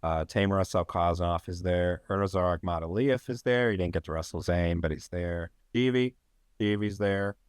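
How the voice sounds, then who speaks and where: A man's voice: low-pitched, normal speed, clean tone, dry recording, clean studio sound. A man hosting a podcast in casual sports chat, rambling and wry with sarcastic asides. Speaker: podcast host.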